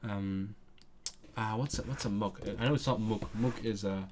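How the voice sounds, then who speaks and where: A man's voice: fairly low pitch, moderate pace, background noise. Man thinking aloud with many ums. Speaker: language learner streaming. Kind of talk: casual live-stream chat.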